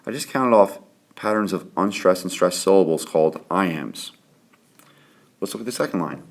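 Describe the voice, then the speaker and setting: Low-voiced guy teacher counting out beats one by one, slow and clear lesson talk. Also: expressive. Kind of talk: classroom lesson on poetry.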